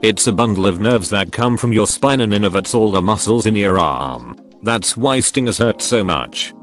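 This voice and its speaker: A man narrating online posts in a flat, evenly paced scripted read. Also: on the low side, normal speed. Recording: faint music behind.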